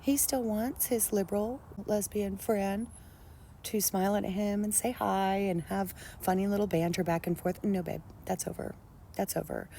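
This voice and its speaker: A woman's voice: lowish voice, noisy background. A woman telling a story straight to camera in a blunt, profane, sarcastic rant.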